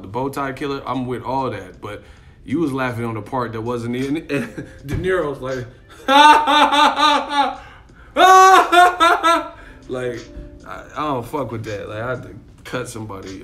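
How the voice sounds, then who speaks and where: A man's voice: medium pitch, normal speed, a bit bright, soft background music. A man chatting casually on a live stream, rambling, swearing and laughing often, talking to his chat. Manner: rambling, profane, laughs a lot, acts out voices. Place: in Miami.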